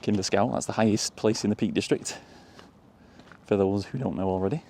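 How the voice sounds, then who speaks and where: Walking through countryside fields and lanes, a vlogger chats casually, rambling and chuckling as he goes. His fairly low voice is brisk, creaky and mellow, with a little hiss or hum in the recording.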